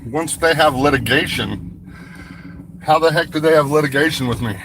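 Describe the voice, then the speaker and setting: An agitated man stumbles through his words, restarting again and again as he vents. He is upset and talks from inside a moving car. A faint hum of the vehicle sits under his voice. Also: on the high side. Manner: agitated, halting, many restarts. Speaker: records requester livestreaming. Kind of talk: confrontational livestream. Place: in a car while driving.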